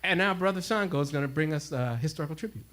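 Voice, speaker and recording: A man at a community worship gathering telling a story, animated and laughing, acting out both sides of a conversation. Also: a little high, fast, very noisy. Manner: animated, laughing, acts out dialogue. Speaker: worship speaker. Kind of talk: storytelling talk to a congregation.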